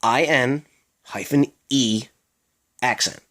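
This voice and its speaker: A man's voice: mid-range voice, takes it slowly, a bit bright. A young man from Maryland with a Baltimore accent, chatting casually in a vlog, rambling with lots of fillers and self-mocking asides. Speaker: vlogger.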